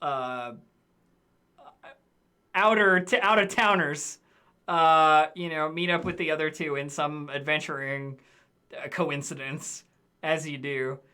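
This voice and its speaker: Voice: mid-range voice, steady tone, slow pace, long pauses, bright, forceful tone, clean tone. A game master chatting casually through a tabletop session zero, rambling with fillers. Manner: rambling, lots of fillers and laughs. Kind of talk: casual tabletop planning chat.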